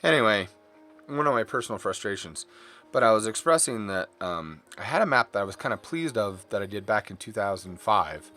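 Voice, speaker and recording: A man's voice: fairly low pitch, lively intonation, fairly quick, bright, forceful tone, soft background music. A middle-aged man chatting casually and candidly while drawing on stream, rambling from topic to topic and apologizing for his swearing.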